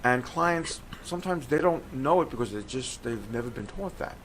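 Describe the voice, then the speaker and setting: A man's voice: medium pitch, moderate pace, slight background noise, low-quality recording. An older man from New York with a New York accent, a tax accountant chatting as an interview guest and telling stories. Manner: chatty, storytelling, animated. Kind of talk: casual interview chat.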